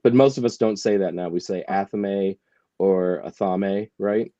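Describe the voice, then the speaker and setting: A lower-pitched man chats on a panel, laying out facts in an explaining tone with wry asides. His recording sounds dull and lo-fi, with a close, dry sound. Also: moderate pace, warm tone, no room sound. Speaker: author and panel regular. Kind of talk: casual panel chat.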